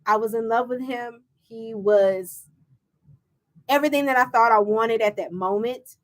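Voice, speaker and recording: Bright and expressive, the show's host and founder shares her own story with a live audience, acting out quotes with laughter in an animated way. Her pitch is fairly high and her delivery unhurried.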